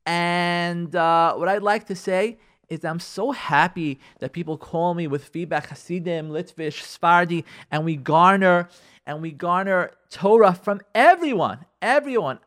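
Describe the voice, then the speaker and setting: A man's voice: high-pitched, a little slow. A male radio show host telling a story on air in a rambling, conversational way, acting out the dialogue of the people in it. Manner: animated, acts out quoted dialogue in the stories; rambling, with frequent fillers and restarts.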